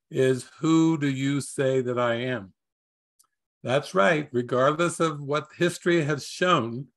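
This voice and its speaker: A man giving a gentle spiritual teaching talk, unhurried and wondering, who chuckles often between phrases. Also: mid-range voice.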